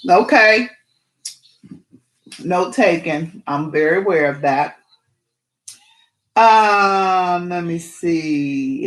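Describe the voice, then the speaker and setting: A middle-aged woman hosting a live stream, chatting in a rambling way with many fillers and reading the chat aloud. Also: fairly low pitch.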